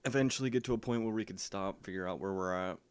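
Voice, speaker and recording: A man's voice: deep voice, fast, clean tone. A man casually telling a personal story, rambling with lots of ums and likes.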